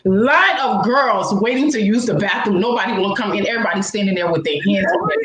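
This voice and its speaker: The audio is low quality with a roomy sound as a woman co-host talks quickly. Animated and laughing, she recounts an embarrassing, funny story in casual conversation, her pitch making big swoops.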